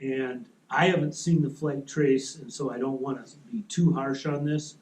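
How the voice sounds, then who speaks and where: A man giving a relaxed, practical seminar talk to a club audience, explaining with rules of thumb in a meeting room. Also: mid-range voice, normal speed. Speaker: seminar presenter. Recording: echoey room.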